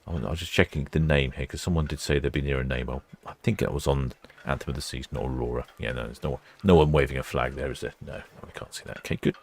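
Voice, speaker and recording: A man's voice: a bass voice, steady tone, fast, creaky, hardly any pauses, breathy edge. A British man hosting a live ship-watching stream, chatting casually and reading out viewer comments. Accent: British English. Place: indoors in a warm room by the quay.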